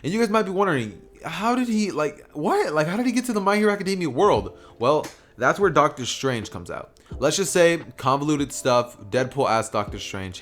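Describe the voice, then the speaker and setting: A man's voice: on the high side, big pitch swings, normal speed, hardly any pauses. A man casually narrating a fan-made story, rambling with fillers and self-corrections. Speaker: YouTube storyteller.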